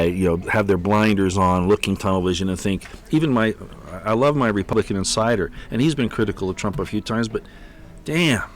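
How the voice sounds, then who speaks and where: A man hosting a livestream, talking off the cuff with many halting restarts and repeated words, sounding exasperated. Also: on the low side, slight background noise. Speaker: livestream host. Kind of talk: rambling livestream commentary. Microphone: computer mic on an unsteady connection.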